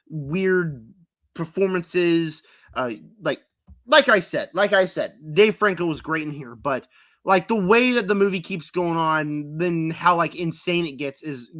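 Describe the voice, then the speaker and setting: A young man with a fairly high, slightly bright voice reviews movies on a live stream. His casual tier list chat rambles with plenty of fillers and mocking impressions of characters, complete with put-on quotes.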